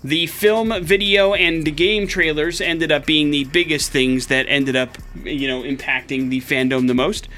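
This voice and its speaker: A male radio morning show host telling stories in lively, casual banter in a studio. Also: fairly high pitch, measured pace, few pauses, soft background music. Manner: lively, chatty, animated storytelling with fillers.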